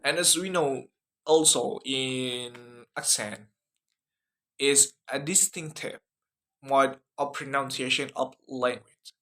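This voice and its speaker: A man's voice: medium pitch, pushed and bright. A young man giving a class video presentation, hesitant, with many fillers and restarts. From Indonesia. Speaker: student presenter.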